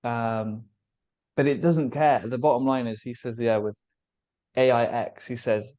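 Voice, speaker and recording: A man's voice: medium pitch, fairly even intonation, unhurried, warm tone, highs cut off. Man musing on a spiritual podcast. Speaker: podcast co-host. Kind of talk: casual spiritual podcast discussion.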